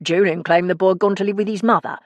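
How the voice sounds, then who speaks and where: A woman's voice: medium pitch, fairly even intonation, quick pace, no room sound, natural voice. A woman voicing Ricky, a wry, teasing man with a blunt way of talking, in an audiobook. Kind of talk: audiobook character voice.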